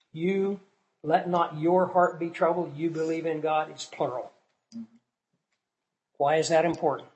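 A man teaching scripture in sermon style, asking the listeners questions and swinging from soft to loud for emphasis. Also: on the high side, poor audio. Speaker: Bible teacher.

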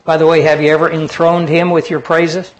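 High-voiced man preaching a sermon. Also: flat delivery, fairly quick, lo-fi sound. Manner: earnest preaching, rising for scripture, dropping low for personal stories. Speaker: pastor.

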